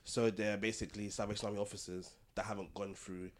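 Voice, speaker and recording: A man co-hosting a podcast, talking casually and pausing often to search for words. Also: on the low side, level tone. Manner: hesitant, searching for words with many ums. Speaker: podcast co-host. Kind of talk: casual chat.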